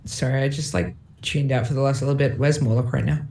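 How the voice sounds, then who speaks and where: A man playing a tabletop game, speaking in a soft, hesitant, apologetic way. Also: mid-range voice, fairly even intonation, fast talker, gravelly, roomy sound. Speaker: player. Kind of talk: tabletop role-play, in character.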